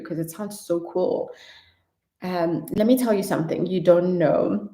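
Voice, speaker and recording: A woman vlogger chatting casually through viewer questions, animated, laughing and trailing off now and then. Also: lowish voice, normal speed, echoey room. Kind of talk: casual Q&A vlog chat.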